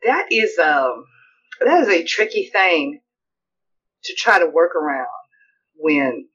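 A woman co-hosting a podcast, talking things over slowly and thoughtfully, pausing to find her words. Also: low voice, expressive, a bit bright. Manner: unhurried, thoughtful, halting. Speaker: podcast co-host. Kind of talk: casual chat. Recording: muffled lo-fi audio.

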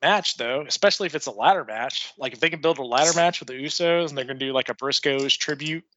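A man's voice: medium pitch, fast, sharp tone, no echo, dull audio. A young man co-hosting a casual podcast, opinionated and profane, often chuckling. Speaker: podcast co-host.

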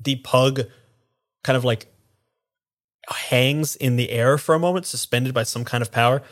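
A man's voice: mid-range voice, a little slow, a bit bright. A man narrating a tabletop game as game master, with vivid, playful descriptions.

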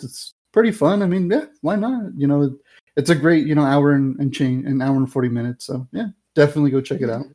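A man's voice: mid-range voice, mellow. A man co-hosting a casual film-review podcast, rambling with many fillers and restarts while acting out scenes. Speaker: podcast co-host.

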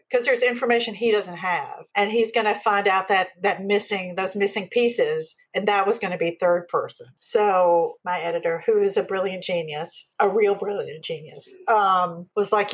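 Husky-voiced woman telling lively stories. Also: mid-range voice, poor audio. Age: 50s. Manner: animated storytelling, acts out quotes. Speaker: guest author. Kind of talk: casual interview chat.

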